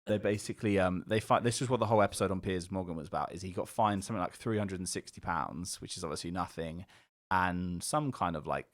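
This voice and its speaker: A man co-hosting a casual podcast, rambling through an animated retelling full of fillers and swearing. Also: deep voice, fast talker, dry recording, clean studio sound. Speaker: podcast co-host. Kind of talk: casual chat.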